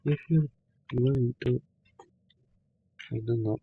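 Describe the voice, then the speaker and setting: A man's voice: mid-range voice, slow pace, gravelly, a little hiss or hum. A man talking casually while playing a video game, swearing often and speaking in loose, non-native phrasing. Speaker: gamer. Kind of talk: casual gameplay commentary. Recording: dull lo-fi game capture.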